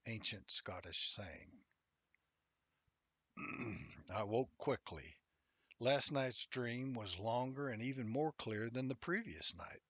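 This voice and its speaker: A man's voice: mid-range voice, animated, slow, pauses often, husky, dry recording. Wry man reading his novel aloud. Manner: wry, conversational, drops into soft half-whispered asides. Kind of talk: first-person novel reading. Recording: slightly muffled dry recording.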